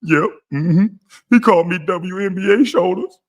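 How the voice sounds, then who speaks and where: A man doing a whimpering grown man on a phone call, his voice pushed high and thin. He pleads and blubbers, begging his friends to avenge him. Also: moderate pace. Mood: wheedling. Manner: high-pitched, pleading, sobbing.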